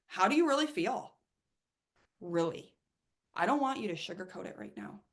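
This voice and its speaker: A woman coach giving an emphatic, animated motivational talk, with casual swearing and acted-out asides. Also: a little high.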